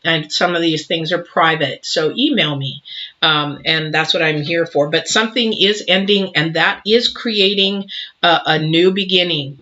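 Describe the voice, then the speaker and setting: A man giving an intuitive tarot reading to camera, earnest and a little emotional, talking in halting runs with frequent restarts. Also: on the high side, pushed and bright, dull audio. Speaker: tarot reader.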